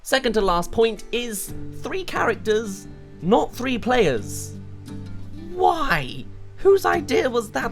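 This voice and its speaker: Lively, rambling game reviewer. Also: medium pitch. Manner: rambling, exasperated rhetorical questions. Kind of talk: ranting video game review.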